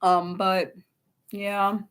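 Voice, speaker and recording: A woman's voice: mid-range voice, little pitch movement, very slow, fairly bright tone, clear, resonant tone. A young woman hosting an unscripted livestream, rambling and breaking off mid-sentence as she answers her chat. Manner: rambling, self-interrupting, answers chat aloud. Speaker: livestream host.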